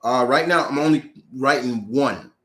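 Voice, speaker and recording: Man, casual live Q&A host, rambling, self-correcting, mid-pitch voice. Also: normal speed, a bit bright. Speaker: host answering viewer questions.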